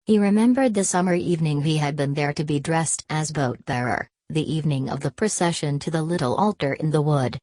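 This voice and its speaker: A woman reading a classic novel aloud as an audiobook narrator, in a steady, even manner. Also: sits low, fairly quick, hardly any pauses, dry recording. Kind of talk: scripted narration.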